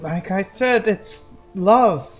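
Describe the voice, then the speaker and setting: A man's voice: high voice, lively intonation, drawn-out words, soft background music, pitched above the performer's own voice, exaggerated voice. A man doing a nervous, cheery centaur groom. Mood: evasive. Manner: nervous, fumbling, overly cheerful. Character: eager evasive male centaur groom.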